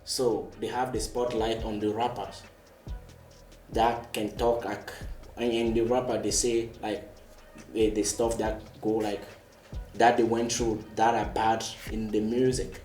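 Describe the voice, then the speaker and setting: A man speaking haltingly with many fillers in a casual group discussion. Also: lowish voice, flat delivery, a little mellow. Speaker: panel guest. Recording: echoey room, distant from mic, music.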